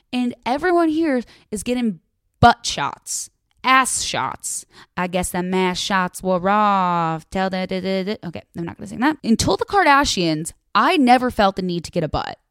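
A woman's voice: medium pitch, lively intonation, measured pace, no room sound, studio quality. A young woman from the American Midwest, ranting bluntly and chattily to camera, with plenty of swearing. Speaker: vlogger. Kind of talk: casual rant to camera.

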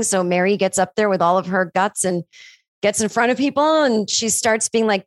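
A woman chatting casually on a podcast about her own screenplay. She tells it like a story, leaping up in pitch to act out what people said. The sound is dry and close. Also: normal speed, no room sound. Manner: animated storyteller who acts out dialogue with big pitch jumps. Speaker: screenwriter discussing her film.

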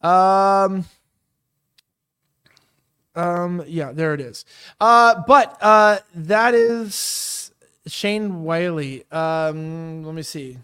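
High-voiced rambling male host. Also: lively intonation, extremely slow, long pauses, bright, forceful tone, smooth. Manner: rambling, filler-heavy, loose and joking. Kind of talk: casual livestream chat.

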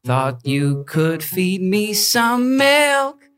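A man voicing a grumpy, sleepy baby, singing the complaints slowly over a guitar. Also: high-pitched, very animated, fairly bright tone, full character voice.

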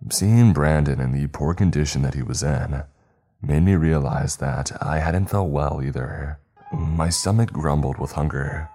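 A man with an extremely low, deep voice narrates a horror story in a measured, steady way. Faint music hums quietly beneath his reading.

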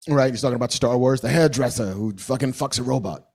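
A man co-hosting a live podcast show in a cinema, laid-back and echoing the host with quick jokes. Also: mid-range voice, creaky, darkish tone, husky. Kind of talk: live podcast chat with an audience.

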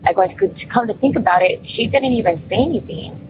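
A woman phones in to tell a personal story, rambling casually with plenty of fillers. Her mid-range voice is expressive and fast, heard over a tinny phone line with faint hiss.

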